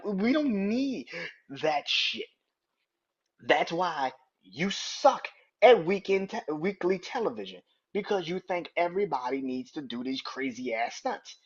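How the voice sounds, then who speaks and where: A man in his thirties rants on his podcast, his voice husky and a little high for a man. He swears freely and his pitch swings widely as he gets worked up. The recording sounds dull and lo-fi. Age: 30s. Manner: profane, heated, animated ranting. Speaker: podcast host. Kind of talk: casual wrestling rant.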